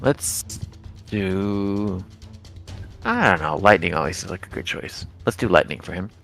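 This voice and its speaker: A man's voice: low-pitched, expressive, a little slow, vocal fry, a bit bright, faint music behind. A man playing in a tabletop role-playing game, talking in a laid-back, joking way.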